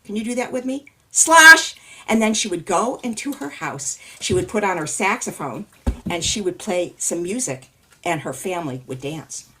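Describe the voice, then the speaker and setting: A woman from California telling a story to a live audience, animated and sing-song, inviting listeners to join in. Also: lowish voice, normal speed, husky. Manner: animated, sing-song, repeats sound words. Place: storytelling festival workshop.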